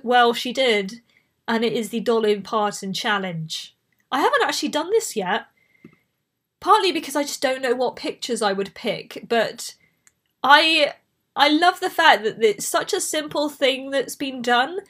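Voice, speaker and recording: Bristol lady with a cold doing a chatty podcast, slight bristolian accent, high voice, keeps going off on tangents. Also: fairly bright tone. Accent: light Bristolian English. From Bristol, England. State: has a cold. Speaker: podcast host. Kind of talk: casual solo podcast chat.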